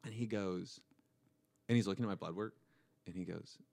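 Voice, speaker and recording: A young man co-hosting a podcast, telling a story in a deadpan way and acting out the dialogue. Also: low voice, moderate pace, creaky. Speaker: co-host. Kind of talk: casual storytelling chat.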